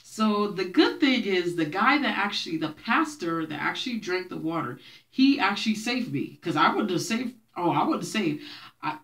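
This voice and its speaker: At a medium pitch and moderate pace, a young woman tells her viewers stories from childhood, her intonation lively and tone a bit bright. She laughs a lot and keeps it chatty, drawing on a Brooklyn upbringing in a Haitian, Creole-speaking family.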